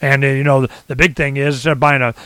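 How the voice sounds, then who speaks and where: A man talking in a casual rant, rambling and animated, often acting out what others say. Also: mid-range voice, fast, clean tone, no room sound. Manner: rambling, animated, swings into quoted voices. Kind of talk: casual ranting chat.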